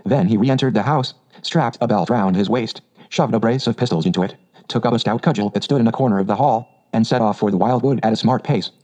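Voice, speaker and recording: A man narrating an audiobook in a measured, unhurried storytelling manner. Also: lowish voice, darkish tone, poor audio.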